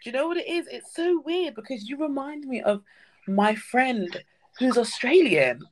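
A woman's voice: high voice, expressive, normal speed, a little hiss or hum, poor audio. A woman hosting a casual chat show, gushing and often repeating her words. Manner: effusive, repeats herself. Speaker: host.

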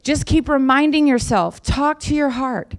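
A woman's voice: high voice, measured pace. A woman pastor giving a sermon in a conversational way, repeating key phrases for emphasis.

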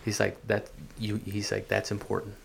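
A man telling a personal faith story in casual chat, earnest and halting, often repeating his words. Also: lowish voice, completely flat delivery, gravelly, slight background noise. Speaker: guest sharing testimony.

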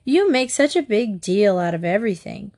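A woman's voice: medium pitch, very animated, normal speed, a little mellow. A woman voicing a teasing, impatient teenage boy in a storybook reading.

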